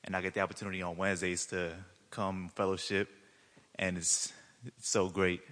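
A young man giving a church testimony, an animated storyteller who acts out his own excitement. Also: low voice, moderate pace, big-room sound.

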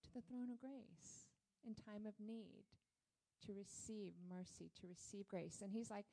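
A woman sharing a candid personal testimony in church, animated and full of fillers. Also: mid-range voice, measured pace, vocal fry, rough recording. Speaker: guest speaker sharing testimony.

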